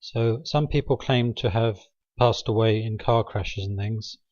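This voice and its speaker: Man, dry sarcastic rambler, mid-pitched, hesitant with lots of ums, dull lo-fi home recording, close and dry. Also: measured pace, darkish tone, no echo. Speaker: video maker. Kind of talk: rambling satirical monologue.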